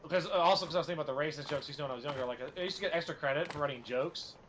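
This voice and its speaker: A man's voice: a little high, racing, crowd noise. Rambling young man telling jokes. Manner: rambling joke-telling with many fillers. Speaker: gaming streamer host. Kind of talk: casual chat while playing.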